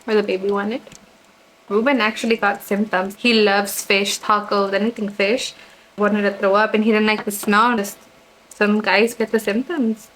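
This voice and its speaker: A young woman talks casually through a personal story while getting ready at home. She is chatty and quick to slip into quoting what others said, keeping it in her own mid-pitched voice. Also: a bit bright, a little hiss or hum, poor audio. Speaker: vlogger.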